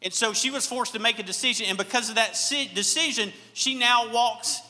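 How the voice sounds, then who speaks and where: Man, Southern accent, pastor, high voice, long reverb from a church hall. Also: a little fast, pushed and bright. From Alabama. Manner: folksy, self-deprecating storytelling. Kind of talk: sermon.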